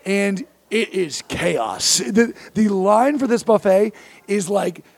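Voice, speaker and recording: A man's voice: sits high, lively intonation, slow pace, breathy edge. A man in his thirties, a podcast host, telling a self-mocking comic story with acted-out quotes. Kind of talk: comedic storytelling chat.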